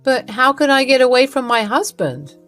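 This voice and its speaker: A woman's voice: sits high, very animated, moderate pace, a bit bright, faint music behind, voice pushed up. A woman voicing a smug, scheming middle-aged mother-in-law in a storybook narration. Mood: coy.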